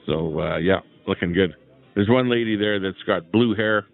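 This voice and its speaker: Man, lowish voice, rambling live-stream chatter, outdoors, tinny phone-like audio. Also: normal speed, creaky. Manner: rambling, chatty, greets viewers in the chat. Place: outdoor rally, sitting in a lawn chair. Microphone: small clip-on microphone.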